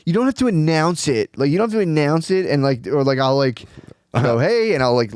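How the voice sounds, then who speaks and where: A man's voice: fairly high pitch, brisk, clean tone, dry recording, studio quality. A man co-hosting a podcast, chatting casually and telling funny stories while acting out little voices. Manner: animated storyteller, acts out voices. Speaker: podcast co-host. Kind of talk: casual comedic chat.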